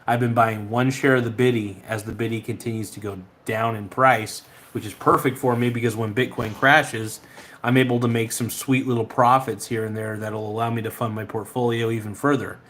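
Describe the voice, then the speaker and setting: Brief: casual male podcast host, mid-pitched, loose and rambling, swears freely. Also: level tone, brisk, a bit bright. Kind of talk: casual chat reading viewer comments.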